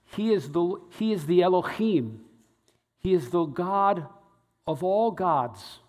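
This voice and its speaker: Pastor, male, fairly high voice, animated storyteller preaching in a large echoing hall. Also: takes it slowly. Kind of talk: sermon storytelling.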